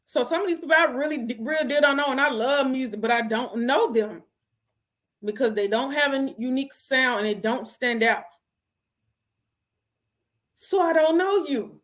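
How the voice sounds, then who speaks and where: High-voiced woman giving her take. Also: normal speed, long pauses. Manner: animated and conversational, slangy. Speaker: host. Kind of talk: casual opinion talk.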